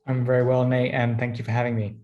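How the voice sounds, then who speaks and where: A man from France, a company founder and guest on a podcast, explaining his business in a steady, explanatory way. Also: medium pitch, quick pace, highs cut off. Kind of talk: interview answers.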